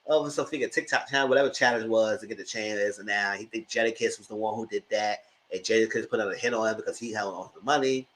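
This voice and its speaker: A man's voice: quick pace, few pauses, a little hiss or hum. A man hosting a channel, recapping TV episodes in casual, gossipy commentary, swearing freely and jumping into squealed exclamations. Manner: animated, gossipy retelling with frequent swearing; breaks into high squealing exclamations. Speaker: TV show reviewer and channel host.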